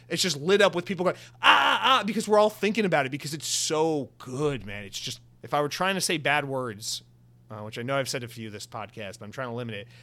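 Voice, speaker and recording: A male podcast host with a slightly high voice, talking in an animated, rambling way. He restarts his sentences often and drifts into side comments as he goes.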